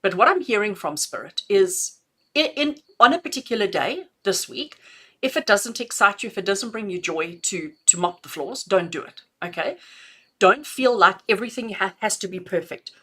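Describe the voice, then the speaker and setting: A woman's voice: medium pitch, lively intonation, normal speed, pushed and bright. A middle-aged woman doing spiritual readings for viewers on a live stream, chatty and affectionate, often laughing and calling people "my darling". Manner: laughs often between messages. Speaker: intuitive reader.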